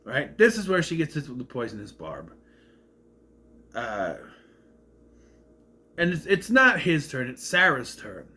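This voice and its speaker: A man's voice: mid-range voice, huge pitch swings, measured pace, pauses often, bright, forceful tone. A man casually recapping a movie plot, rambling and correcting himself as he goes. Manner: rambling, self-correcting retelling.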